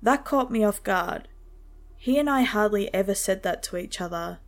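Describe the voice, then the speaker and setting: A woman telling a first-person horror story with steady, measured pacing. Her voice sits at a middle pitch for a woman, even and unhurried. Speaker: narrator.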